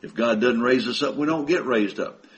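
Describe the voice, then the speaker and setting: A man preaching a sermon to his congregation, speaking slowly and deliberately with emphatic pauses. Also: mid-range voice, rough recording. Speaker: minister.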